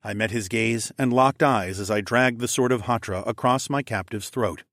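A man reading a first-person audiobook in steady, measured scripted narration. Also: mid-range voice, dry recording, studio quality.

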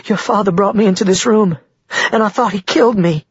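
Male narrator doing a scared young woman, raised and breathy, trembling; dull recording. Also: fairly high pitch, normal speed, no echo, voice pushed up. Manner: trembling, anxious. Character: frightened young woman shapeshifter, tremulous.

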